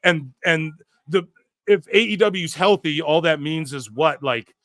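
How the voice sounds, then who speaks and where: A man rants at length, exasperated and profane, leaning on filler words as he circles back to his point. His voice sits a bit high, and the recording is dry and close with no room sound. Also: measured pace, fairly bright tone, no echo. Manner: exasperated, profane, repeats himself with many "like"s. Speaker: podcast co-host. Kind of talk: heated wrestling-commentary rant.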